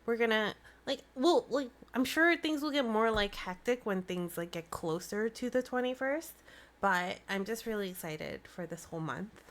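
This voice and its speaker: A woman hosting a live stream, chatting in a bubbly, excitable way into a desk mic. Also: on the high side, normal speed. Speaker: livestream host. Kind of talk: casual live-stream chat.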